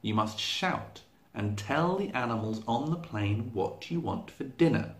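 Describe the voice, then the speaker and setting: A man voicing a calm male kudu antelope who acts as judge, in a storybook reading. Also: medium pitch, a little slow, close to an everyday voice. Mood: measured. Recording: echoey room.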